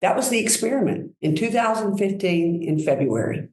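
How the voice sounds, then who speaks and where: Woman, podcast guest, lively storytelling, mid-pitched voice, roomy echo. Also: normal speed. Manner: enthusiastic, animated storyteller. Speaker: guest, brand executive. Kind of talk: conversational storytelling.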